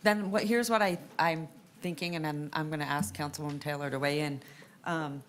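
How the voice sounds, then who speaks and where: A woman's voice: deep voice, steady tone, moderate pace, a little hiss or hum. A woman chairing a city council meeting as mayor, conversational and joking, thinking aloud.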